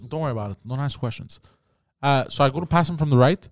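Animated man telling a story, dry close sound. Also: mid-range voice, fast talker, no room sound. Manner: animated storyteller, acts out shouting quotes, heavy swearing and "bro". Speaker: podcast host. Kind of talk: casual chat, storytelling.

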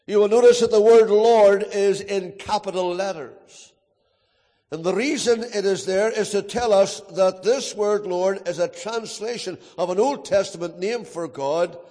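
A man's voice: high-pitched, a little mellow, long reverb tail. A man preaching a sermon in a church, stressing words through emphatic repetition and leading the congregation in recitation. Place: church sanctuary.

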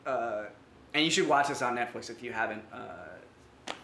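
A man co-hosting a relaxed podcast chat, his voice sitting mid-range for a man and ringing in a roomy, echoey space with faint ambience behind. He talks in animated, rambling bursts that are full of restarts and fillers. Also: medium pitch, moderate pace, noisy background. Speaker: podcast co-host. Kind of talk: casual chat. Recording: roomy echo.

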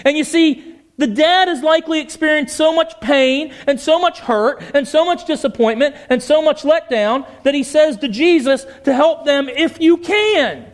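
Male preacher, very high register, emphatic and passionate, questions the congregation. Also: normal speed. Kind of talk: sermon.

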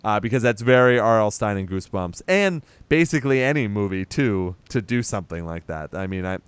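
Animated and a little fast, a man with a fairly low, smooth voice retells a movie's plot on a podcast in casual, rambling chat, acting out quotes and laughing. There's no echo.

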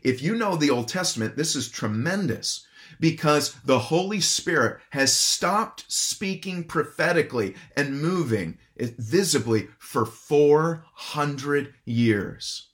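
A man's voice: fairly high pitch, animated, takes it slowly, fairly bright tone. A man preaching an expository sermon, earnest and emphatic, asking his listeners questions. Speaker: pastor.

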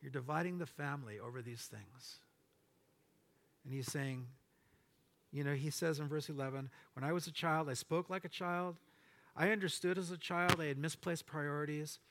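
A man's voice: a little high, moderate pace, fairly bright tone, slight background noise. A middle-aged man preaching a sermon as pastor, reading Bible verses aloud and adding casual asides to his congregation.

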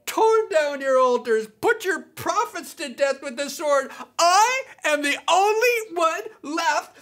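A woman's voice: very high-pitched, a bit bright, pitched above the performer's own voice, heavily acted. A woman doing a whiny wailing prophet. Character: whiny self-pitying old male prophet.

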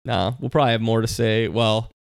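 A man's voice: fairly low pitch, a little fast, creaky, clean tone, no room sound, studio quality. A man in his thirties co-hosting a podcast, rambling in casual sports chat and saying "like" a lot. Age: 30s. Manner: rambling, heavy use of "like". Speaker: podcast co-host.

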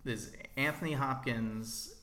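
A man co-hosting a film podcast, talking casually with dry, wry remarks and pauses. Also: medium pitch, bright, forceful tone. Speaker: podcast co-host.

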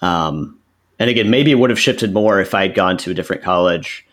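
Soft-spoken man, hesitant and thoughtful. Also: low voice, animated, a little fast. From Texas. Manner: thoughtful, hesitant, many fillers and restarts. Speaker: guest. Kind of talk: casual interview conversation.

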